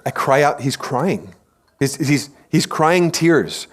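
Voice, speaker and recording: A pastor in a church delivers a teaching sermon with animated storytelling. His voice sits a little higher than most men's, and he often slips into quoted voices and puts questions to the congregation. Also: slow.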